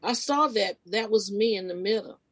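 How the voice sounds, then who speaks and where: A woman guesting on a podcast as a spiritual life coach, telling a personal story casually and expressively, her voice leaping high at the big moments. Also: moderate pace, poor audio. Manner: animated, expressive retelling with sudden pitch leaps; casual, informal phrasing with restarts.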